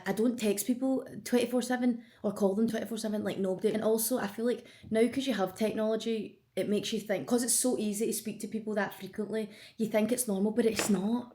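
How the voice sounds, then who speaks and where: A Scottish woman in her twenties vlogs a casual get-to-know-me chat, getting emotional and swearing freely. Her voice is medium-pitched and a little mellow.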